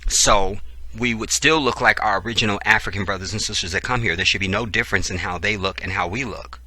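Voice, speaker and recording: A man's voice: lowish voice, quick pace, pushed and bright. A man hosting his channel, reading a book aloud and breaking off into profane, preachy commentary. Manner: profane, preachy asides between read passages. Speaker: channel host.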